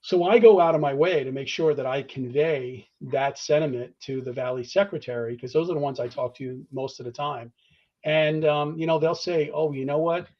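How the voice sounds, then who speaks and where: A man's voice: a little high, normal speed, highs cut off. A man answering as a podcast interview guest in an earnest, conversational way, restarting phrases often, acting out phone calls, and checking in with "all right?". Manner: many restarts, tags points with "all right?". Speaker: guest discussing fraternity membership.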